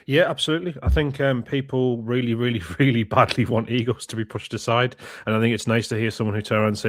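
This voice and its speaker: Man, podcast guest, relaxed measured talk, dry close sound. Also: mid-range voice, dry recording. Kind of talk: casual chat.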